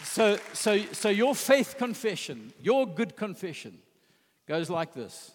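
Impassioned preacher, high voice, echoing hall. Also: male voice, very animated, slow, some chatter behind. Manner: impassioned, retelling scripture with quoted voices. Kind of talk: sermon.

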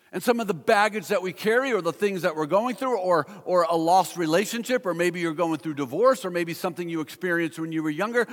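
A middle-aged male pastor preaching a sermon, slowing down to stress each scripture line. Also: high-pitched, a bit bright. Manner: measured preaching with slowed emphatic scripture readings. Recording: long hall reverb.

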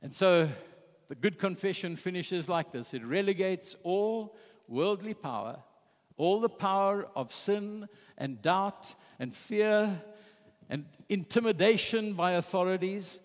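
A man's voice: high-pitched, big-room sound. A man preaching a sermon with passion, retelling scripture and quoting its figures. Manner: impassioned, retelling scripture with quoted voices.

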